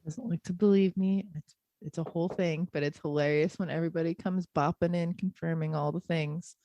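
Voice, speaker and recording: A woman with a somewhat low voice chats on a podcast in long, lively run-on stories. She leans easily into laughter, and the sound is close and dry. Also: fairly quick, dry recording, dull audio. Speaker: podcast co-host. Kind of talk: casual chat.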